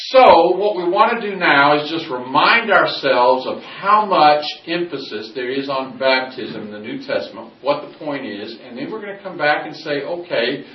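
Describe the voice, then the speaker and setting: A man preaching a sermon, emphatic, slowing down to quote scripture and swinging between loud and soft. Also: medium pitch. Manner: emphatic, varies volume widely, slows on scripture quotes. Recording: roomy, distant, dull recording.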